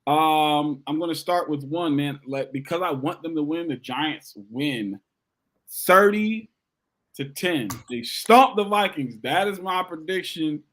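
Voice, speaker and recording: A man co-hosting a casual sports podcast, animated and repeating his points for emphasis. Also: a little high, unhurried. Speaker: podcast co-host.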